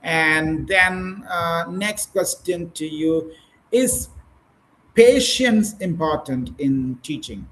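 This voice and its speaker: Guy, kinda high voice, coaching teachers on a call, lots of uhs and mms. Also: animated, very slow, a bit bright, rough recording. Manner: encouraging, corrective, many fillers. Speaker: English teacher trainer. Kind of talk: online training session, coaching teachers.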